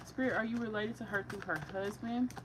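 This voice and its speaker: A woman doing a psychic reading for viewers, talking casually and excitably with slang, often breaking into laughter. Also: medium pitch, fairly quick, very noisy. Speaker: psychic reader.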